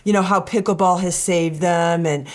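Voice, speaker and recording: A woman who is a reality show contestant, telling animated and emotional personal stories in a candid interview. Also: on the low side, normal speed, slight background noise.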